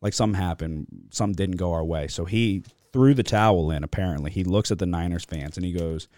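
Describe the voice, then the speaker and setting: A man hosting a sports podcast, talking casually in an animated, profane, venting way. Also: low voice, quick pace, no room sound. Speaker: podcast host.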